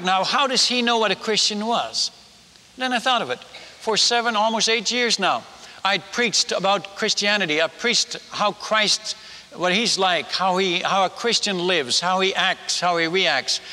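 A man preaching a storytelling sermon as a missionary, halting and self-mocking, often stumbling and repeating his words. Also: high-pitched, sharp tone, long reverb tail.

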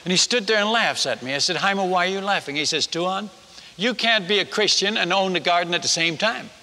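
A man preaching, telling a story in a lively way and acting out the voices of the people in it. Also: sits high, brisk. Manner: animated, acts out villagers' voices. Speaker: missionary storyteller. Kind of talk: sermon storytelling. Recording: echoey hall reverb.

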